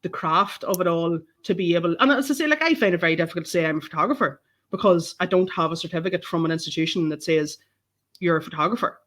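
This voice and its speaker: A woman's voice: on the low side, fast. A Northern Irish woman, a photographer guest on a podcast, telling stories in casual chat and swearing freely. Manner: animated storytelling, swears freely.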